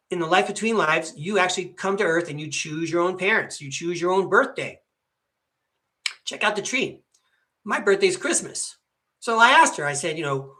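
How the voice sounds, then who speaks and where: A man's voice: high-pitched, bright, forceful tone. An older man hosting a tarot podcast. He talks in a meandering live-stream monologue and keeps checking in with listeners by asking "okay?".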